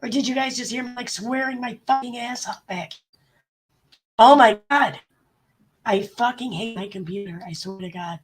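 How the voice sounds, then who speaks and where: A woman live streamer, sick with a bad cold and clearing her throat, chatting bluntly and swearing freely as she greets her viewers. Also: a little high, normal speed. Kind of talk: casual livestream chat.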